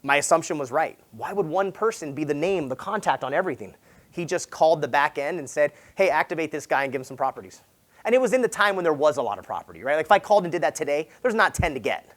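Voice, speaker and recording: A fairly high-voiced man speaks from the stage at a sales summit, running a personal story in loose, slangy speech. He keeps checking in with the crowd with "right?" and leaps up in pitch and loudness whenever he quotes someone. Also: fast. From Southern California. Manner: animated, acts out quoted dialogue with big jumps in pitch and volume; casual, peppered with "like" and "right?". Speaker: real estate agent speaking at a sales summit. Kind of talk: energetic motivational keynote storytelling.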